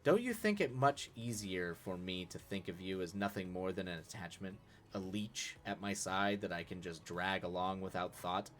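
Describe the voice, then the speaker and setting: A man reading aloud the lines of a stoic, deadly serious exiled man, speaking quietly and slowly. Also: deep voice, soft background music. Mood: grave, quiet. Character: stoic, grave exiled man, slow and measured.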